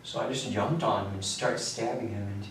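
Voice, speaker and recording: A young man in his late teens with a somewhat low voice tells his account in a halting, rambling way, sounding exhausted. He is recorded from far off in a bare, very echoey room. A faint hiss sits under the voice. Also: steady tone. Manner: rambling, halting, quiet recounting. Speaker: suspect under questioning. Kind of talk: recounting events in a police interview. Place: police interrogation room.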